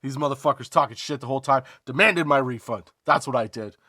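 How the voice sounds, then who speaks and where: A man hosting a comedy podcast, telling a story as a profane, emphatic rant, drawn-out emphasis and rhetorical asides like "okay?". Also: mid-range voice, sharp tone, slightly rough, dry recording, clean studio sound. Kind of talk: comedic ranting monologue.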